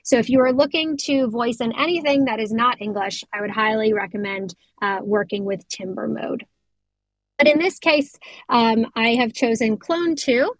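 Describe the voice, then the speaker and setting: American woman walking through software. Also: a little high, steady tone, moderate pace, no room sound, poor audio. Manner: explanatory, self-correcting, filler-heavy. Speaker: product demonstrator. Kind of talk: software demo walkthrough.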